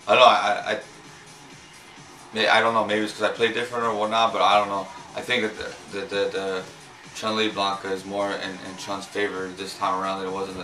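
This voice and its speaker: Hesitant man, bright voice in a roomy space. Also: lowish voice. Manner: hesitant, repeats words, swears casually. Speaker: fighting-game player recapping a tournament. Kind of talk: casual rambling recap. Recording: roomy, far from mic, faint music.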